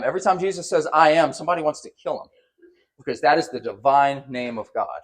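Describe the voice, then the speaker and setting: A man preaches with a voice a little above the usual pitch. He delivers his sermon with animation, raising his voice to act out the quotes, and he often repeats and restarts his words. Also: expressive, fast. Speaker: pastor.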